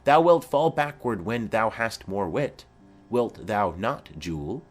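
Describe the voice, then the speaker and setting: A man's voice: fairly low pitch, very animated, slow, soft background music, full character voice. A man voicing a garrulous old woman nurse who chatters on in long rambling memories, in a dramatic reading of a play.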